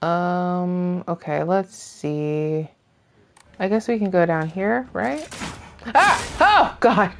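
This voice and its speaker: Slow-talking woman ranting at a game. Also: fairly low pitch, lively intonation, a little hiss or hum. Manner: scolds game enemies and characters in joking rants. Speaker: gaming streamer. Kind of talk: casual let's-play commentary.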